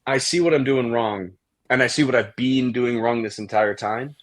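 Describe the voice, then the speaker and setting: A man's voice: mid-range voice, moderate pace, no echo. A man from Germany, an actor, talking as an interview guest in a reflective, self-deprecating way with frequent restarts. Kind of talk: casual interview chat.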